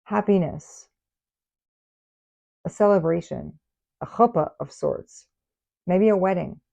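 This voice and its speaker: Woman, tarot reader, chatty, teasing, lowish voice, vocal fry. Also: takes it slowly, dark tone, highs cut off. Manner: playful, chatty, teasing scolding. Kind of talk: casual tarot reading for viewers.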